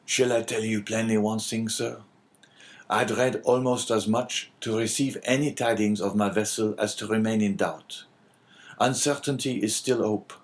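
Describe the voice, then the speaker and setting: A man's voice: on the low side, steady tone, normal speed, lightly acted. A man voicing a ruined, grieving old merchant. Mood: mournful. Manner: grave, sorrowful and resigned. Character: older male merchant facing ruin, dignified and mournful. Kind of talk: audiobook character reading.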